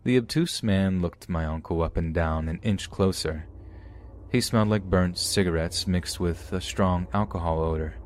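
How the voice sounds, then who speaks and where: Deep-voiced male horror story narrator. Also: normal speed, a little hiss or hum. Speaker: podcast narrator. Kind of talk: scripted narration of true horror stories.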